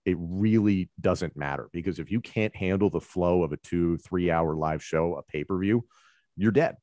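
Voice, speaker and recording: Deep-voiced man, easygoing interview talk. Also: moderate pace, no echo. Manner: relaxed, conversational, explains with examples. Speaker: wrestling commentator. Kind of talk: conversational interview answers.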